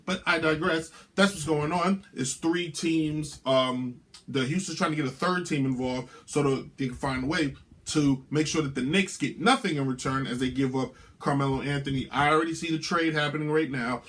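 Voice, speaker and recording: A man with a fairly high, slightly bright voice hosts his own sports show, speaking at normal speed. He delivers brash, opinionated takes in a sing-song, ranting monologue over a music bed.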